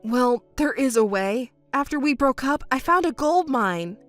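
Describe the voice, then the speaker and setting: A woman's voice: sits high, lively intonation, unhurried, a bit bright, faint music behind. A woman voicing a sheepish, deceitful young male ex-boyfriend in a scripted text story. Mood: pleading. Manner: pleading, evasive.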